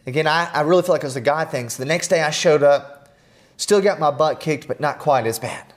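A middle-aged man, a podcast guest, telling personal stories in an earnest, animated way with self-deprecating humor. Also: on the high side, fairly quick. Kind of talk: storytelling in conversation.

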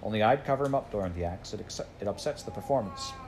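A man reads a good-natured theater attendant from a storybook, chatty and friendly. It is close to his everyday voice, a little lower and quieter. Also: animated, quick pace, noisy background.

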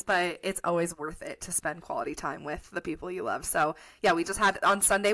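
A woman's voice: on the low side, pushed and bright. A young adult woman from Colorado, co-hosting a podcast in upbeat casual chat, full of "like" and "literally". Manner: chatty, upbeat, lots of "like" and "literally". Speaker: podcast co-host.

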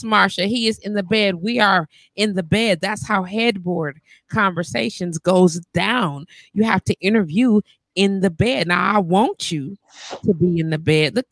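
A woman hosting a live-stream talk show from bed, teasing her guest and reading viewer comments aloud in loud, joking banter. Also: medium pitch, normal speed, no echo. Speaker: livestream talk show host.

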